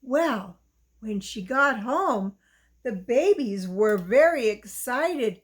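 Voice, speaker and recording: A woman reading a children's story aloud, gentle and sing-song, talking to young listeners. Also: fairly high pitch, expressive, slow.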